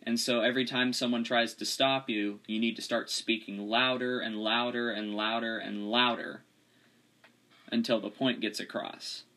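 A young man from Florida hosts a casual podcast. His voice is bright and mid-pitched. He moves steadily through segment intros and explanations. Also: level tone, moderate pace. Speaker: podcast host.

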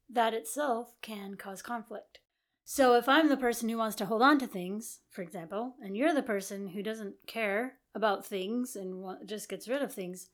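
A woman co-hosting a relaxed podcast about married life, her voice sitting a little on the higher side. She muses aloud in long, reflective sentences and weighs both sides of each point. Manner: thoughtful, reflective, talks in long musing sentences. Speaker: podcast co-host. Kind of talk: casual chat.

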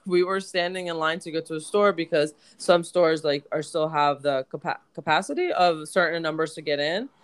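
A woman's voice: low voice, moderate pace, clean tone. A woman co-hosting a podcast, telling a story in casual chat, full of "like" fillers. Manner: chatty storyteller, many "like" fillers. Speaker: podcast co-host.

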